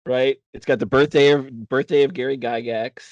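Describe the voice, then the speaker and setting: Wry male podcast host, mid-pitched voice, dry sound. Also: fairly even intonation, moderate pace, no echo, dull audio. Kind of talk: casual podcast chat.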